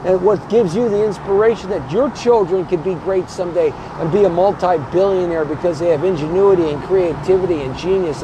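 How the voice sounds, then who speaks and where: Show host, male, fired-up political commentator, combative and emphatic, voice sitting high, loud traffic behind. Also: lo-fi sound. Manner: emphatic, hammering rhetorical questions; blunt and combative.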